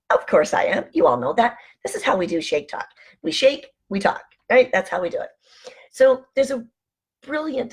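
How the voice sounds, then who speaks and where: A woman hosting a casual motivational vlog from home, chatty and animated as she tells anecdotes. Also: medium pitch, vocal fry, husky. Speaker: online show host.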